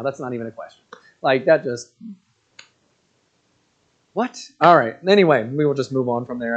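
A man's voice: fairly high pitch, lo-fi sound. A man in his thirties giving a casual, rambling sermon, full of fillers and joking asides. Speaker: pastor.

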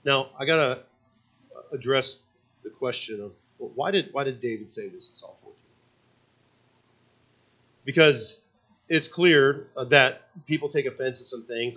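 Male pastor with a halting sermon delivery. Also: mid-range voice, pushed and bright, poor audio. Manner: halting, with frequent restarts and rhetorical questions. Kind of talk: sermon, reading an account aloud. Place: church service.

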